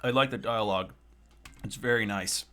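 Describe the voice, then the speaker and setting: A man's voice: on the low side, normal speed, fairly bright tone. A man streaming a video game, muttering as he reads the game text aloud. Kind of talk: gameplay commentary.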